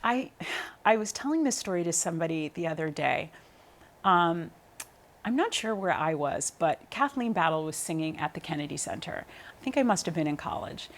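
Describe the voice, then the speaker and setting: The speaker is a woman in her thirties, an opera singer being interviewed as a guest about her singing career. Her lowish voice moves at normal speed as she tells animated stories packed with ums, fillers and restarts.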